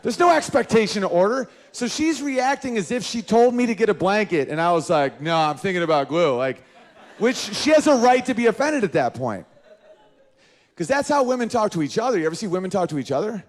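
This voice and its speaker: Man, thirties, stand-up comic, slightly high voice, animated delivery. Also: a little fast. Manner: animated, jumps into high-pitched character voices. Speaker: stand-up comedian. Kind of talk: stand-up comedy routine.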